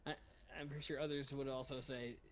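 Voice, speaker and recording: A man's voice: mid-range voice, flat delivery, fast, a little hiss or hum. A man co-hosting a casual podcast over beers, telling rambling, self-deprecating stories. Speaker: podcast co-host.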